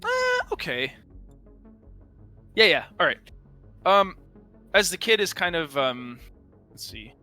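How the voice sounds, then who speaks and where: A man's voice: high-pitched, wildly swooping pitch, slow, long pauses, sharp tone, faint music behind. A man running a tabletop game as game master, narrating casually with frequent swearing and hesitations.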